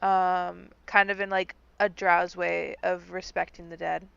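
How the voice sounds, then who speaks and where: Soft-spoken woman player with a gravelly voice. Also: on the low side, flat delivery, no room sound, lo-fi sound. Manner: soft, halting, with many fillers. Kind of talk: tabletop role-play, speaking in character.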